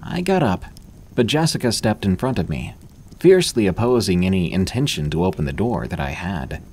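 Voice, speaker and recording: A man reading first-person horror stories aloud as scripted narration, in a steady, measured delivery. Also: deep voice, breathy edge.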